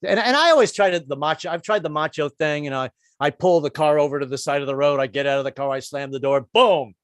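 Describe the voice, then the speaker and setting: A man's voice: fairly high pitch, quick pace, fairly bright tone, no echo, clean studio sound. A man in his sixties doing a stand-up comedy set, rambling and self-deprecating with stammered restarts. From United States. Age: 60s.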